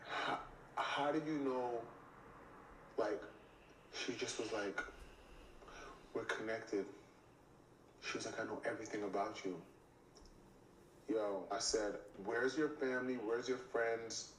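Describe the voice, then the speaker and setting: A man's voice: on the low side, takes it slowly, long pauses, fairly bright tone, slight background noise. Man telling a story in an echoey room. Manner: acts out both sides of the dialogue, often repeating "I was like". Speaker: reality TV cast member telling a story. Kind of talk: animated storytelling. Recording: echoey room, mic at a distance, faint ambience.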